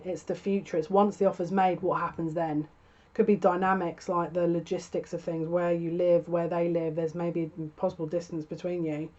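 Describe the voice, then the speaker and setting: Low, flat-voiced woman reading tarot. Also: highs cut off. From United Kingdom. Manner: musing, hesitant, thinks aloud with restarts. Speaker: tarot reader.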